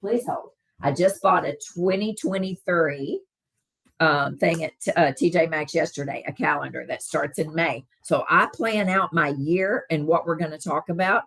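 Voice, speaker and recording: Low-voiced Southern woman chatting live. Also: moderate pace, vocal fry, fairly bright tone, slightly rough. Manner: chatty, answers comments, many fillers. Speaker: wellness live-stream host. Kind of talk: casual live-stream chat with viewers.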